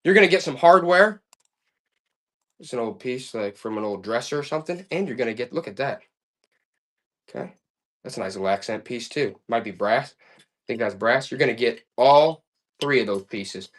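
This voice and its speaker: Male live-auction host, excitable sales patter, voice that swings up and down constantly. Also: moderate pace, long pauses. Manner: excitable, hyped-up pitchman with loud exclamations. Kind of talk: live-stream selling patter.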